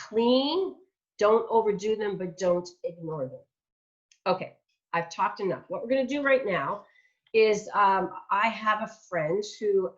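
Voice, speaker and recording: A middle-aged woman giving a vocal masterclass, chatty and demonstrative, who sounds out example words as she explains. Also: medium pitch. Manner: chatty, warm teaching asides. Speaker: vocal coach. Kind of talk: online masterclass teaching. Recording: dull lo-fi online audio.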